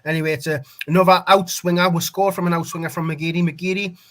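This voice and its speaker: A man calling a football match live for a fan stream, excitable and leaping up on chances. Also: high voice, fast talker.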